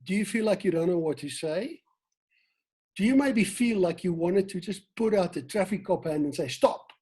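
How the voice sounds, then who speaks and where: A South African man running an online sales training session over a video call, lively, acting out quoted lines and questioning his audience. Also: high-pitched, moderate pace, breathy edge. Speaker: team trainer.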